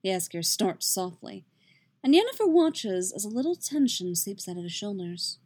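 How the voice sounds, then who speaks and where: A woman reading a story aloud in a soft, steady, intimate narration. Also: medium pitch, moderate pace, breathy edge. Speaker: reader. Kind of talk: audiobook-style fiction reading.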